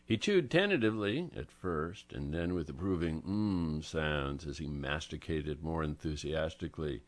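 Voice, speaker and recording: A man narrating a mystery story in a measured storytelling manner. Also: very deep voice, expressive. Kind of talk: story reading.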